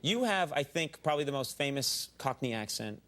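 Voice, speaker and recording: A man's voice: medium pitch, sing-song, fairly quick, a bit bright, a little hiss or hum. A man from Massachusetts hosting a talk show and interviewing a guest in a joking, chatty way. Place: TV studio with audience.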